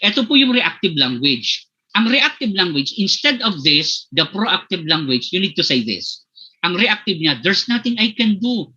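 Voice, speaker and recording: A Filipino-accented man gives a leadership lecture over a webinar, his voice slightly high, very bright and a bit husky. He switches between English and Filipino and keeps checking in with his listeners. The computer-mic audio sounds dull and lo-fi. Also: very animated, moderate pace. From Philippines, Bicol region. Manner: addresses listeners as "my dear participants". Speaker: guest speaker on leadership.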